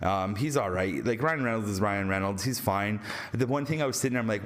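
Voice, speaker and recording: Fairly low-pitched and fairly quick, a young man from Canada excitedly rambles through a spoiler movie review, swearing liberally and laughing frequently in a casual way.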